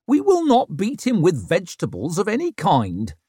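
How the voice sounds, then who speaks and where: Male narrator doing a sharp-tongued hill woman, wry, rough-spoken, high and lively. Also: moderate pace, no echo, studio quality, heavily acted. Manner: wry, lecturing, rough country grammar. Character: dry-witted wild hill woman, blunt and mocking.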